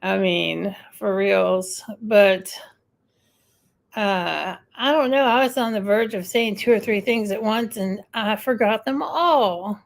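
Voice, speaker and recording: Woman live-streaming, casual rambling chat, slow unhurried talk, gravelly edge, answers viewer comments. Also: medium pitch. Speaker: livestream host.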